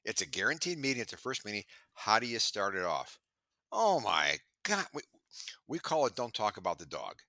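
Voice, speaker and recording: A middle-aged man on a video call chatting in an interview, telling stories with lively acted-out quotes. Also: lowish voice, normal speed, no room sound. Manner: animated storyteller, acts out quoted voices. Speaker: sales trainer and podcast guest. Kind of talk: casual interview chat.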